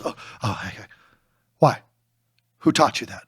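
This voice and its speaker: A man co-authoring a book, talking in an animated way in a podcast discussion and firing off rapid rhetorical questions. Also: mid-range voice, husky, no room sound, studio quality. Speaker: co-author and speaker.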